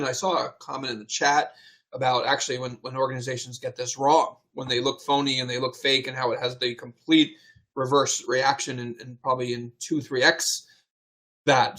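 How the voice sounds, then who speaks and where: A man co-presenting a fundraising webinar, explaining in a measured way with frequent "uh"s. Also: medium pitch, a bit bright. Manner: measured, explanatory, with many fillers.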